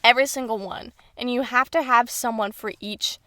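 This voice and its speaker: A woman's voice: a little high, moderate pace, sharp tone, no room sound. A young woman co-hosting a podcast in casual, jokey chat, full of fillers and giggles. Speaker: podcast co-host.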